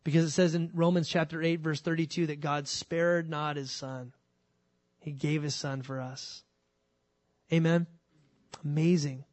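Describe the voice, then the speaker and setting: A man preaching a sermon. He talks in an animated way and acts out the scripture scenes with quick shifts of voice. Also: fairly high pitch, no room sound. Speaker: pastor.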